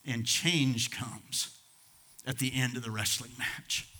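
A man in his sixties preaching a sermon as a pastor, impassioned, swinging from loud outbursts to hushed asides. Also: medium pitch, slow pace. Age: 60s.

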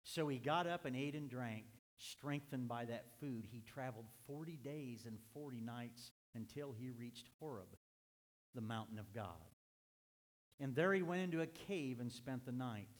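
A middle-aged man preaching a sermon as pastor, earnest, slowing down and lifting his voice to stress points. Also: medium pitch, big-room sound. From United States.

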